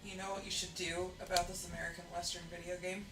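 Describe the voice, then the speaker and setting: A woman's voice: on the low side, level tone, quick pace, a bit bright, faint music behind. A woman in casual banter, tossing in dry, teasing quips.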